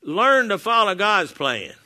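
Folksy older male preacher, bright voice. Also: high voice, sing-song, unhurried. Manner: folksy, storytelling preacher with many restarts. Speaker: pastor. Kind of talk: sermon. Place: church hall before a congregation. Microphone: wearing a lapel mic.

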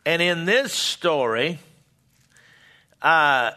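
A man teaching a Bible sermon, reading scripture aloud and explaining it, halting and restarting often. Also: a little high, animated, pushed and bright. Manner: slow, halting, with many restarts and fillers. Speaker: preacher.

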